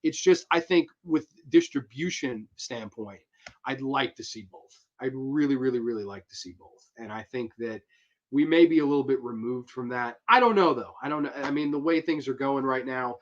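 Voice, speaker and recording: At normal speed and medium pitch, a young man reviewing horror movies on a livestream rambles as he responds to viewers. His talk is casual and slangy, he reads the chat aloud, and the stream audio is dull and lo-fi.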